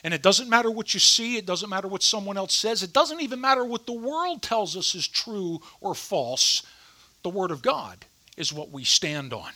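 A man preaching a sermon to his congregation in an animated, conversational way, mixing humor with scripture reading. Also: high voice, normal speed. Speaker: pastor.

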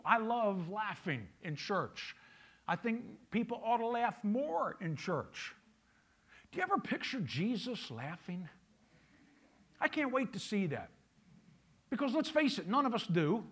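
A man's voice: sits high, a bit bright, breathy edge. A male pastor preaching a sermon, emphatic, repeating key phrases and asking the congregation questions.

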